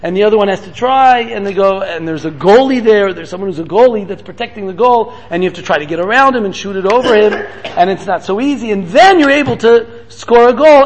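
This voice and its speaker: A sheepish teenage boy apologizes and explains himself in a rush, as a man tells the story. His pitch runs high. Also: fast talker, natural voice. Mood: explaining.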